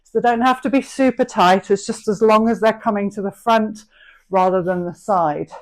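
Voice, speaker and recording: A woman's voice: mid-range voice, moderate pace. Woman coaching a live workout class. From England. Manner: encouraging, cueing reps and form. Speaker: fitness instructor.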